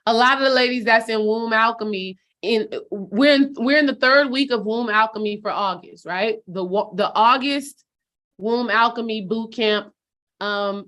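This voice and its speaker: Higher-voiced woman coaching her followers. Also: a bit bright. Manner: direct, preachy, calls listeners sis and baby. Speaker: spiritual healing coach. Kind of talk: casual motivational talk to followers.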